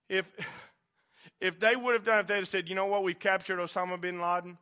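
A male pastor, preaching a sermon with passion, dropping to a hush and then rising loud again. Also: sits high, fairly even intonation, brisk. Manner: impassioned preaching, swinging from hushed to loud.

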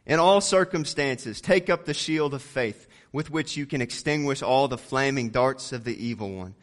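A man preaching a sermon, reading scripture and building to loud emphatic peaks before dropping low on key words. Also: normal speed.

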